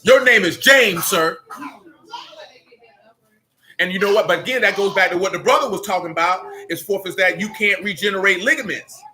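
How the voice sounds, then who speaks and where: A man's voice: high voice, fast talker, few pauses, pushed and bright. A man preaching a sermon, emphatic and blunt, with street slang and mocking asides.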